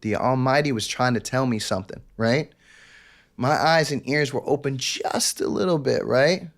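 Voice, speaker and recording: A man's voice: medium pitch, moderate pace. A man, telling a candid personal story as a podcast guest and acting out quoted lines. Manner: intense, confessional, acts out quotes.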